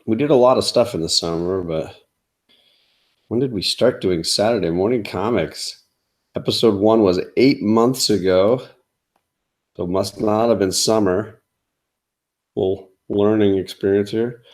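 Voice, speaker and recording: A man's voice: on the low side, measured pace, pauses often, darkish tone. A man hosting a casual comics livestream from home, rambling with lots of fillers. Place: home, in front of a comic display.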